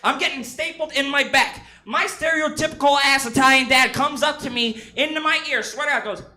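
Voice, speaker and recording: A man's voice: very high-pitched, a little fast, pushed and bright. A man in his twenties from San Jose performing a crude, rambling, self-mocking stand-up set full of swearing. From San Jose, California. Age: 20s. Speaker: stand-up comedian. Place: comedy club stage.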